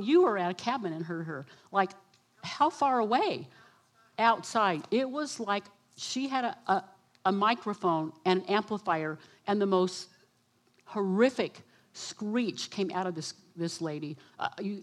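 A woman preacher giving a sermon, telling a vivid story and acting out the voices of the people in it. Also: medium pitch. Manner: animated storytelling, quotes herself and others.

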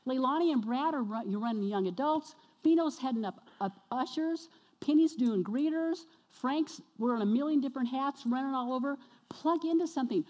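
Woman preacher fired up, pushing the congregation, voice kinda high, big church echo. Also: moderate pace. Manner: energetic, exhorting, questions the congregation. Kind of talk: sermon. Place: church sanctuary. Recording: long reverb of a church hall.

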